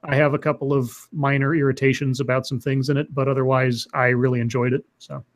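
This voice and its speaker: Guy cohosting a stream, mid pitch, lots of uh and restarts, chatty. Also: little pitch movement, fairly quick. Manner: hesitant, many fillers and restarts. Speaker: co-host reading viewer questions. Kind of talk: casual livestream chat.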